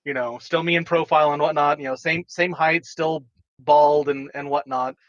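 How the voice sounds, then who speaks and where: A man's voice: on the high side, normal speed, fairly bright tone, dry recording, lo-fi sound. A man, a player in a tabletop game, chatting casually and laughing often. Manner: laughs often, explains with restarts.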